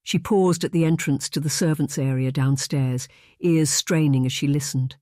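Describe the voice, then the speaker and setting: An audiobook narrator reading a romance novel in a steady, measured storytelling manner. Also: mid-range voice, no room sound, clean studio sound. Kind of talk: scripted narration.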